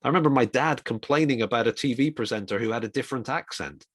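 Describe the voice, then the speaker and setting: A middle-aged man giving an informal, reflective talk on communication for ministry, with quick asides. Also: medium pitch, dry recording, clean studio sound. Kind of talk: conversational talk.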